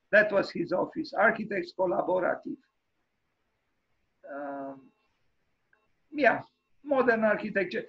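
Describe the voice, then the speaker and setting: Halting, gravelly high-voiced male architect lecturer. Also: muffled recording. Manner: hesitant, halting, with many fillers and restarts; frank and wryly opinionated. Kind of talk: informal online lecture. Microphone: video call microphone.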